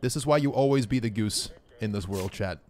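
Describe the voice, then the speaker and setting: A man streaming a game live, giving excitable, profane running commentary and talking to his chat. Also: lowish voice, brisk.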